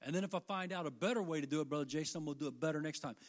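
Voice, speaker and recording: An older man delivers a sermon with fervent energy, his fairly high voice climbing into loud passages and then dropping to quiet, earnest stretches. He speaks directly to his congregation. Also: racing. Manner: fervent, rising and falling delivery. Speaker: preacher.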